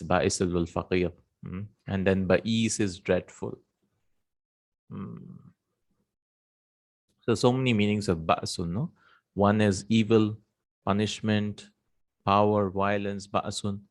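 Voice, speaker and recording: A man teaching Arabic vocabulary in a relaxed spoken lesson, thinking aloud with hums and repeats and reciting verses quickly. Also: on the low side.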